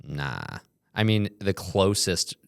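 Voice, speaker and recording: A young man co-hosting a podcast in casual chat, rambling along and now and then breaking into loud mock yells. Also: low-pitched, expressive, slow, vocal fry, clean tone, no echo, studio quality. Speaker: podcast co-host.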